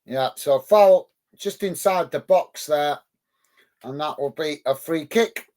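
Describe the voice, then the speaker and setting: Guy, pretty high voice, running a footy watch-along, calls the match and chats to viewers, upbeat. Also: slow. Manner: upbeat, thanks chat viewers warmly by name. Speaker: host of a football watch-along. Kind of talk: live match commentary and chat reading. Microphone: close mic on a headset.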